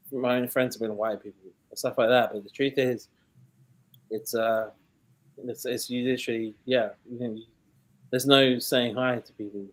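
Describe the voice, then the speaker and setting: A man with a London accent talks in a casual, rambling way and keeps restarting his sentences. His voice sits at an ordinary middle pitch, and he speaks bluntly and plainly. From London, England. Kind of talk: casual conversation.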